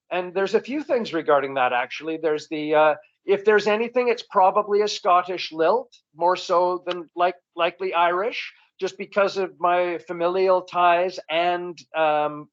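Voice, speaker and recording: Canadian man, comedian guest, slightly high voice, loose rambling delivery, dull lo-fi sound. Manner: rambling, relaxed, frequent restarts. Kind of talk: casual interview chat. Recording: dull lo-fi recording.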